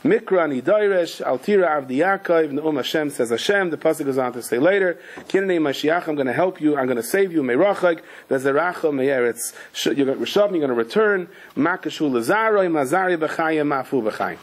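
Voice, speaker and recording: Animated rabbi, lively storytelling sermon. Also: male voice, a little fast, hardly any pauses. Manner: animated storyteller, acts out quoted voices with sudden high shouts; mixes Hebrew and Yiddish terms into English. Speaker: rabbi giving a Torah class.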